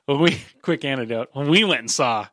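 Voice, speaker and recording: A man's voice: mid-range voice, a little fast, dry recording, clean studio sound. A man co-hosting a podcast, talking in a casual, chatty way and laughing often. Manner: expressive, laughs often while telling stories. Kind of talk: casual chat.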